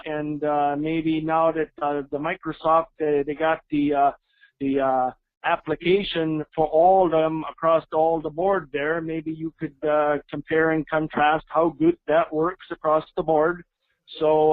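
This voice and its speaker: Man doing a goofy caller with a wandering mock Nordic accent, halting; tinny phone-line sound. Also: fairly high pitch, no echo. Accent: mock Scandinavian-Minnesota. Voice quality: halting, full of "uh"s. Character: bumbling male caller with a wandering fake accent.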